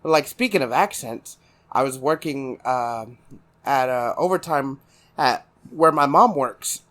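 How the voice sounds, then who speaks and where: A man's voice: medium pitch, lively intonation, measured pace, a bit bright. A man from South Texas, co-hosting a podcast in casual chat and telling meandering anecdotes. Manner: laid-back, meandering anecdotes. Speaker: podcast co-host.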